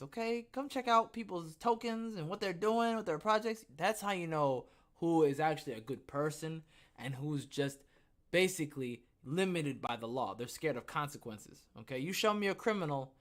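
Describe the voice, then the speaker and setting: A man with a somewhat high voice hosts a casual podcast livestream from home, still winded and short of breath. He rambles, talks to himself, and chuckles at his own jokes. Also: lively intonation, moderate pace. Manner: rambling, self-talking, laughs at himself. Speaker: podcast host.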